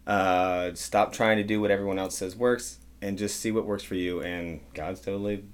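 A man's voice: deep voice, steady tone, normal speed, clear, resonant tone. A man co-hosting a church podcast, joking around in casual rambling banter. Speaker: co-pastor and podcast host.

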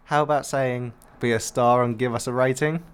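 A man co-hosting a radio show, making low-key, dry quips in casual studio banter. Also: steady tone, moderate pace, smooth. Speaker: radio co-host.

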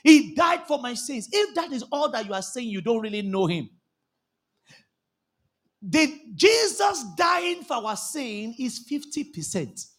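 A man preaching a sermon as a pastor, impassioned, bursting into shouts and calling for the congregation to answer back. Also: very high-pitched, sing-song, measured pace. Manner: impassioned, calls out for congregation responses. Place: church service.

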